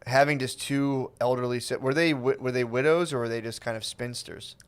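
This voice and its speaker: A man's voice: medium pitch, steady tone, fairly quick, smooth. Rambling young man podcast co-host. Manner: rambling, swears freely, puts on voices for jokes. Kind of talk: casual comedic podcast banter.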